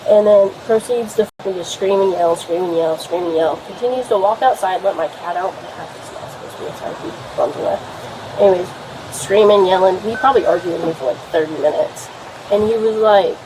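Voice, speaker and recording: A young woman tells police about a fight in a rambling, swear-filled way, her talk full of fillers. Her voice sits at an ordinary pitch for a woman. She is caught on a body camera at a house, with faint background noise. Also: brisk. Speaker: complainant speaking to police. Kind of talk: rambling account of a domestic fight.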